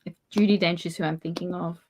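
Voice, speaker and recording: A woman's voice: on the low side, steady tone, quick pace, background noise. A woman chatting casually, telling stories and laughing often. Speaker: podcast host. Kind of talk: casual chat.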